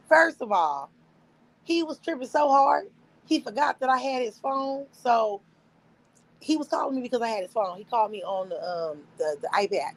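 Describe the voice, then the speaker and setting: A woman's voice: fairly high pitch, low-quality recording. A young woman hosting a livestream, telling a story casually, with frequent laughter, profanity. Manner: animated, profane, laughs often. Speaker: livestream host.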